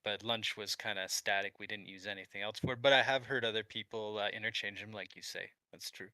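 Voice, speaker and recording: A man from Quebec co-hosts a livestream, relaxed and chuckling, with many filler words. His voice sits low, recorded dry with little room sound. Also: fairly quick, clean tone, dry recording. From Quebec, Canada. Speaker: livestream co-host. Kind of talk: casual livestream chat.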